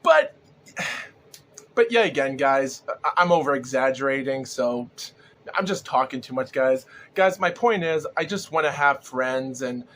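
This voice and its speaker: A man hosting a rambling solo podcast, talking excitably with lots of fillers and restarts, his throat sore and groggy and his breath short. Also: medium pitch, moderate pace, a little hiss or hum. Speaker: podcast host. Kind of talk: solo casual podcast commentary.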